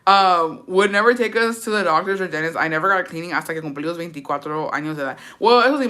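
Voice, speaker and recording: A woman vlogger with a bright, ringing tone, reading out viewer comments and reacting to each one. She talks in a blunt, slangy way, swearing freely as she tells animated stories. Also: fairly low pitch, fast, few pauses. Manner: animated storytelling.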